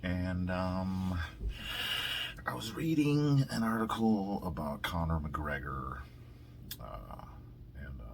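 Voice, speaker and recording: A low-voiced man hosts his podcast in a loose, rambling rant. He swears constantly and drifts off topic. A faint hiss sits under his voice. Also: expressive, creaky. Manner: rambling, heavy swearing, quick laughs. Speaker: podcast host. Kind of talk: casual profane rant.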